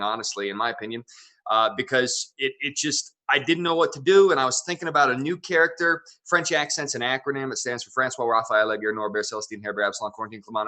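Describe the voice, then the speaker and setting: A man's voice: medium pitch, bright, forceful tone. A man in his thirties from Wyoming, a comedian guest telling stories in a wordy, playful way. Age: 30s. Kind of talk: casual interview chat.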